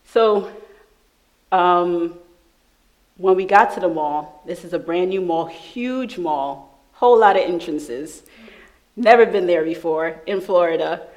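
A woman from New York telling a lively personal testimony in church, laughing often as she speaks. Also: on the low side, slow pace, rough recording. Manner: animated storytelling, laughing often. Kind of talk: sermon testimony.

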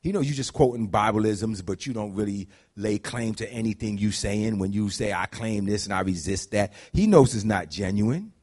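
A man preaching a conversational sermon, dropping to low murmurs and climbing to high shouts. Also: lively intonation, normal speed, few pauses. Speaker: pastor.

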